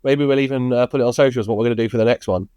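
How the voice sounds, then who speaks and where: A man's voice: mid-range voice, steady tone, rapid-fire, dark tone, smooth, no room sound. A male podcast co-host chats casually and teases his partner. His voice sits in a middle range. The mic sound is dry and close. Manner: jokey, teasing.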